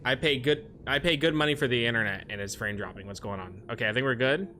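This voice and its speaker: A man streaming a video game, chatting casually with his viewers and now and then yelling at the game. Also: mid-range voice, fast talker, a little hiss or hum. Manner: yells at the game in frustration, then chats with viewers. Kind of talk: casual gaming stream chat.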